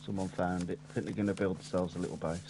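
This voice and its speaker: A man's voice: low-pitched, flat delivery, very fast, warm tone, slight background noise. A man in casual voice chat while gaming, making cheeky, dry quips. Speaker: gamer in voice chat.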